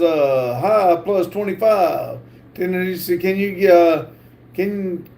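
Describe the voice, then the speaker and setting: High-voiced man reading live chat. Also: mellow. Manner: halting, stumbles over words while reading aloud. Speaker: livestream host reading chat.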